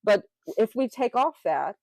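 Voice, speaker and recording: A middle-aged woman from Memphis, co-hosting a podcast in an animated, chatty way. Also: fairly high pitch, no echo, poor audio. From Memphis, Tennessee. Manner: animated, talks with her hands, quick asides. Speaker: podcast co-host. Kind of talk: casual chat.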